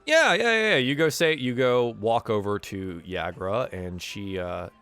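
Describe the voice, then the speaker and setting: A man's voice: mid-range voice, expressive, unhurried, a bit bright, clear, resonant tone, soft background music. A man running a tabletop game as game master, narrating casually with plenty of fillers.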